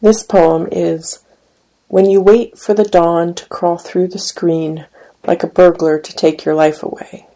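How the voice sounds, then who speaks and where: A woman giving a deliberate poetry reading, letting some line endings fall to a near whisper. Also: lowish voice, steady tone, warm tone, poor audio. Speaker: poet.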